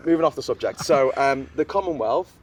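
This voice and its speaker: A man's voice: medium pitch, expressive, brisk, recorded from a distance. Chatty British man explaining politics. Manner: chatty, digressive, confident explainer. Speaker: podcast host. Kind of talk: casual political chat. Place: outdoors in wind. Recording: faint background noise, outdoors with wind.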